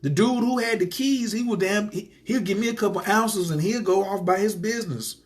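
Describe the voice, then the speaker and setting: A man's voice: high-pitched, brisk. A man hosting a motivational livestream for entrepreneurs, telling a story with energy, acting out the people he quotes, and greeting viewers by name. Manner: animated storyteller who acts out quoted voices.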